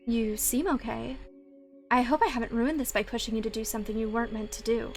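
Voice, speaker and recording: Hushed, cold ghost woman for a game read, soft and slow, voiced by a woman. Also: fairly high pitch, steady tone, soft background music, close to an everyday voice. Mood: tender. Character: quiet, cold female ghost, half tender half menacing. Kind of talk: reading a dating game's lines aloud.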